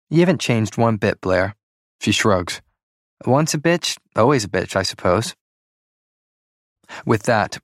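A man narrating a story in the first person, in a measured, even reading. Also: low-pitched, no echo, studio quality. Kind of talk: audiobook narration.

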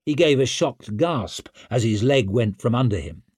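Husky male audiobook narrator. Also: mid-range voice, animated, moderate pace, darkish tone, no echo, clean studio sound.

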